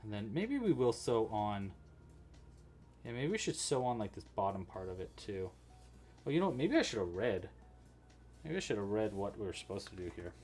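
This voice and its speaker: A man's voice: on the low side, sing-song, normal speed, pauses often, a little mellow, husky, soft background music. Chatty man hosting a crochet livestream. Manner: chatty, thinking aloud while working. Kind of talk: casual livestream crochet-along.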